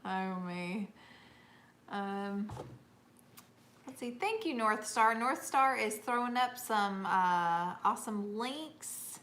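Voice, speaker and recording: A woman's voice: mid-range voice, expressive, slow pace, a bit bright, slight background noise. A middle-aged woman from Northeast Georgia with a Georgia accent, hosting a casual livestream and reading viewer comments, chatty and laughing often. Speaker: livestream host.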